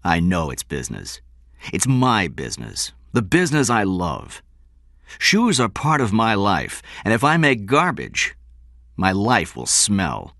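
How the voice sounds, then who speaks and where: A curt, proud male executive, read by a man, low but lively in pitch, dry sound. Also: a little slow, creaky, dry recording, exaggerated voice. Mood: firm. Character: hard blunt male shoe executive, proud.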